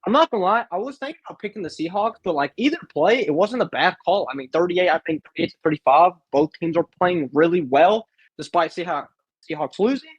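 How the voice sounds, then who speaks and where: A man's voice: high-pitched, expressive, a little fast, breathy edge, no room sound, highs cut off. A young man co-hosting a casual sports picks chat, rambling and full of fillers. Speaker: co-host.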